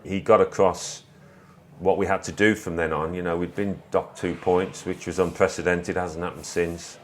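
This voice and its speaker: An English man in his fifties, a former footballer, telling stories in a relaxed interview with small restarts. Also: sits low, normal speed, a little hiss or hum. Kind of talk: reflective conversational storytelling.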